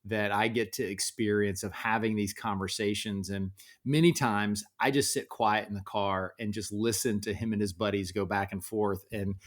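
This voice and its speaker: A man in his forties, a podcast guest, telling relaxed family stories in casual conversation with frequent restarts. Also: on the low side, moderate pace, few pauses.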